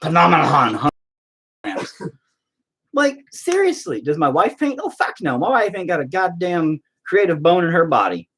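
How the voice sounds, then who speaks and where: A man's voice: high-pitched, very animated, normal speed. A middle-aged man hosting a painting video, chatting casually and ranting with heavy profanity in exasperation. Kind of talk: casual chat while painting.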